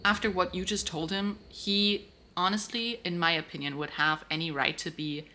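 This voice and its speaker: Woman ranting casually about a book, bright edgy voice, low-ish pitch. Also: normal speed. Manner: animated, outspoken, swears freely. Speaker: book vlogger. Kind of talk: casual reading reaction.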